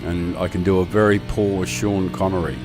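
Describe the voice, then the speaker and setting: Older Australian man, low wheezy voice, false teeth, rambling profane game commentary. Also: fairly even intonation, moderate pace, over loud music. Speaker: game streamer. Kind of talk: casual gameplay commentary.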